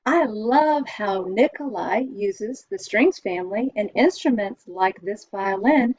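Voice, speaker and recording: A woman's voice: mid-range voice, expressive, darkish tone, slightly rough, muffled recording. Cheerful American woman teaching kids music. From United States. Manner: cheerful, explains slowly for kids. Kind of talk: children's music lesson.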